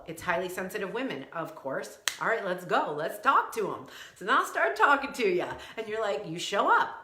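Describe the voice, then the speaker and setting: A woman's voice: lowish voice, bright, forceful tone, echoey room. A woman in her thirties, a coach for sensitive women, giving an effusive livestream talk straight to her viewers.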